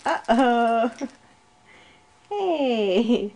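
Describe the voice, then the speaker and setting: High, sing-song woman coaxing a baby. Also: animated, slow, pauses often. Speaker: mother filming her baby. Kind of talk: home video baby talk.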